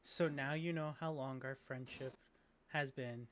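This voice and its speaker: A man's voice: mid-range voice, steady tone, a little slow, fairly bright tone, a little hiss or hum. A man chatting casually and joking before running a tabletop game, swearing freely. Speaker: game master.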